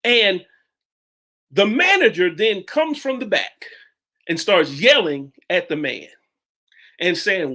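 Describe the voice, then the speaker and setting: Lively, bright-voiced preacher telling a story. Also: male voice. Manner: halting, with many restarts and sudden pitch jumps. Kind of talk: sermon storytelling.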